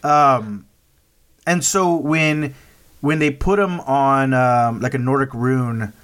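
A man's voice: medium pitch, slow, fairly bright tone. Guy hosting a movie review podcast, talks in loose rambling bits, keeps checking "right?" with his cohost. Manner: rambling, recaps plot with many restarts and "right?" checks. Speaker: podcast host. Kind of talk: casual movie review chat.

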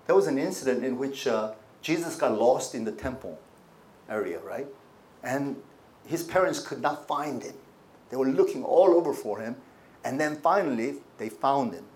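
A man preaching a sermon in a conversational way, asking the listeners rhetorical questions and swinging between quiet asides and emphatic points. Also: medium pitch, animated, normal speed. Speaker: pastor.

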